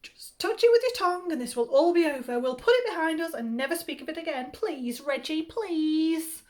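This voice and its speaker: Woman doing a shrill, bossy mum. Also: slow. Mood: pleading. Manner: loud, shrill and commanding. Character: exasperated mother, shrill and pleading.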